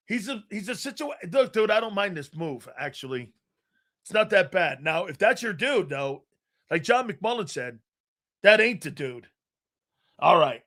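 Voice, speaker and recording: High, bright and cutting, the voice belongs to a loud, profane male host on live sports talk. He rattles off stories in quick bursts, restarting often, and erupts into shouts when excitement takes over.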